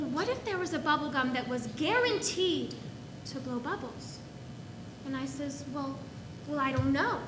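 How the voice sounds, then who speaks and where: An actress playing a frustrated little girl telling a story in a stage monologue, rising to shouting and crying. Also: high-pitched. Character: small girl, frustrated and put-upon. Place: echoey theater stage. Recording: echoey stage recording with background noise.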